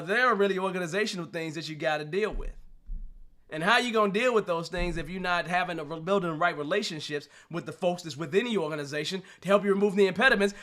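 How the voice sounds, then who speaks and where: A man's voice: high voice, pushed and bright. A man hosting a live streamed talk show, talking animatedly about his work with rhetorical questions and frequent laughs. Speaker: show host and Scrum trainer.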